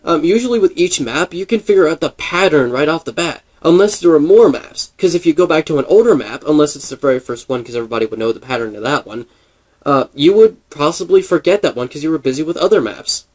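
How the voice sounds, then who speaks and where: A man's voice: a little high, animated, fast, darkish tone. A man in casual gaming commentary, rambling and thinking aloud with many fillers and restarts. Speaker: gaming video creator.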